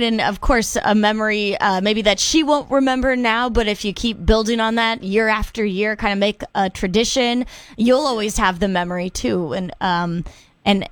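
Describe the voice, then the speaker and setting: A woman's voice: fairly high pitch, fairly bright tone, no room sound. A woman co-hosting a radio show, asking friendly questions of a guest. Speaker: radio co-host. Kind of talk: casual radio interview.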